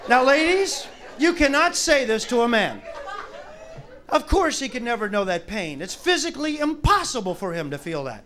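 A man's voice: extremely high pitch, very animated, fairly quick, fairly bright tone. A man doing a stand-up comedy routine, brash, crude and mocking, in a noisy live club recording.

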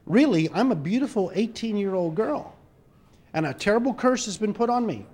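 A man's voice: high voice, animated, moderate pace, darkish tone, voice pushed up. A man voicing a talking frog that claims to be a cursed young woman and coaxes an old golfer to kiss it. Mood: coaxing.

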